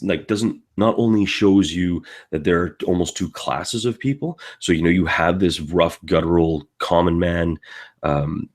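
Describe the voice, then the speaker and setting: A man's voice: sits low, a little slow. A young man from Canada on a convention panel, talking in a rambling way with lots of fillers and restarts.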